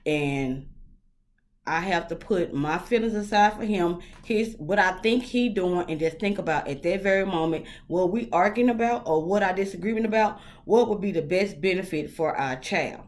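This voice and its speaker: A woman hosting her own talk vlog, talking casually and frankly in a rambling way, with lots of fillers and swearing. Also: fairly low pitch. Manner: blunt, opinionated, swears freely. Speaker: host. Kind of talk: casual solo vlog monologue.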